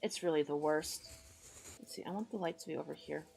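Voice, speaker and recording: A woman's voice: deep voice, brisk, gravelly, a little mellow. A woman from the United States streaming live, chatting casually while she draws, rambling and self-deprecating, muttering to herself and greeting her chat in a friendly way.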